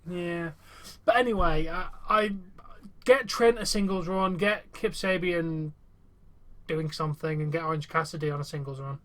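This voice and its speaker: A man's voice: a little high, moderate pace, a bit bright. A young man hosting a casual wrestling review chat, rambling and chatty with many fillers. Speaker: host.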